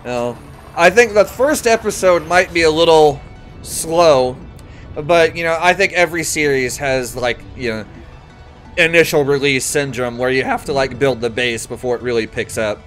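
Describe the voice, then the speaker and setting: A man's voice: fairly high pitch, moderate pace, a bit bright, faint music behind. A man casually chatting on a live game stream, rambling, correcting himself and laughing easily.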